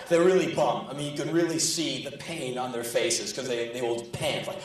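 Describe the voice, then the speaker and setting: A man's voice: mid-range voice, moderate pace. A man performing a profane, sardonic spoken word story on stage. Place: large live venue. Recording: echoey live hall, distant, audience laughing.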